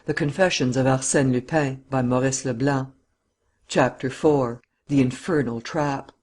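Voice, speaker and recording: A man narrating a classic novel for a volunteer audiobook in a steady, even reading voice. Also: mid-range voice, a little slow. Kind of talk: scripted narration.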